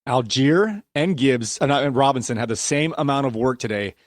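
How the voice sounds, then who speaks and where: A man's voice: mid-range voice, moderate pace, no echo, clean studio sound. A man hosting a casual fantasy football podcast, ranting and laughing at himself as he runs through player stats. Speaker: podcast host.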